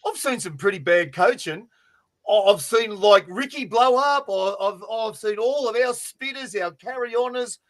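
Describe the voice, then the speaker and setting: A man co-hosting a fantasy sports podcast, telling stories in a loud, sweary, animated way over a remote call. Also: high voice, a little slow. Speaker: podcast co-host.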